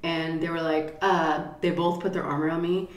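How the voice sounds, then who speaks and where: A middle-aged woman is chatting through a story for her vlog, and she tells it in a lively, animated way with plenty of swearing. She acts out what everyone said, loudly and with full force. Her voice echoes around the room she is recording in. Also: low voice, moderate pace. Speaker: mukbang vlogger. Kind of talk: storytime chat.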